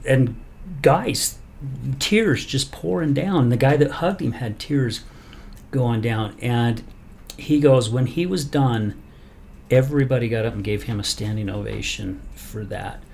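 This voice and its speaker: A man hosting a podcast in casual chat, telling a story with animated energy and acting out the quoted lines. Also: medium pitch, unhurried, vocal fry, slight background noise. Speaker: podcast host.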